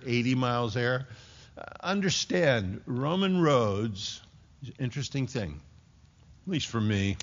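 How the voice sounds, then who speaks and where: A man's voice: medium pitch, a bit bright. A man preaching an expository sermon in a church, emphatic with folksy asides. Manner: emphatic, folksy asides between scripture readings. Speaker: pastor. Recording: dull lo-fi recording.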